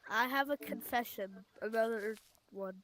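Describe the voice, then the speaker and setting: A woman's voice: a little high, normal speed, a bit bright. A woman chatting playfully while playing a fishing game, drawing out her words and giggling. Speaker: fellow player. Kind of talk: casual gaming voice chat. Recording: noisy voice chat line.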